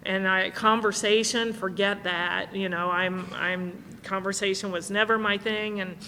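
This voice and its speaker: Woman, middle-aged, candid self-mocking storyteller, bright tone, echoing conference hall. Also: medium pitch, fairly even intonation, measured pace, a little hiss or hum. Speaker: speaker sharing at a recovery meeting. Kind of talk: personal story talk. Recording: live hall recording with long reverb.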